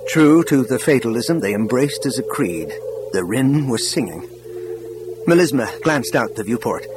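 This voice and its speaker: A man narrating an audiobook in an expressive, scripted reading style. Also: medium pitch, normal speed, music in the background.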